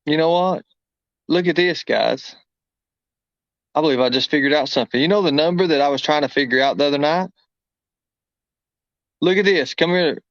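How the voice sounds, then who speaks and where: A man's voice: on the high side, moderate pace, pauses often, no room sound. Rambling man on a livestream. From Kentucky. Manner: rambling, exclaiming, folksy. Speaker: livestream host. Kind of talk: casual livestream talk. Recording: muffled dull audio.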